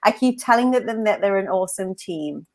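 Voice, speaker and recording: A woman's voice: mid-range voice, lively intonation, normal speed, a little mellow. A woman co-hosting a casual livestream, chatty and bubbly, laughing often as she reads out viewer comments. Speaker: co-host of a mindset livestream.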